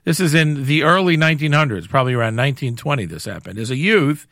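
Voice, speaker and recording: A man hosting a weekly show in a casual, rambling way, often pausing and correcting himself. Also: medium pitch, fairly bright tone, dry recording, studio quality. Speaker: host.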